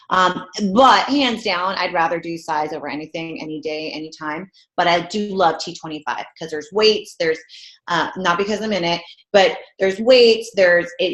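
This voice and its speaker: Speaking in a lowish, slightly bright voice, a female fitness coach guest-speaks at an online hangout in a room. Her motivational talk is casual, jokey, chatty and bubbly, and the recording carries a roomy echo.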